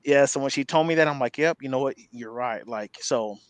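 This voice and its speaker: A man's voice: mid-range voice, no room sound. A man co-hosting a fan podcast, chatting casually and supportively with lots of fillers. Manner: supportive, filler-heavy, quick back-channel replies. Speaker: podcast co-host. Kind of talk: casual chat.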